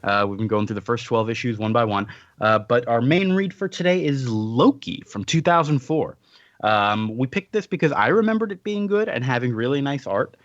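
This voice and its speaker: A man's voice: mid-range voice, lively intonation, moderate pace, no room sound, dull audio. A man hosting a comics podcast in a casual, rambling chat, laughing often. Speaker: podcast host.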